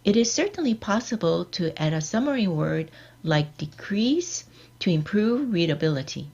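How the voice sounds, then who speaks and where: A woman giving a scripted online lecture, reading out example sentences in a measured, deliberate way. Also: on the low side, darkish tone. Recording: dull lo-fi recording.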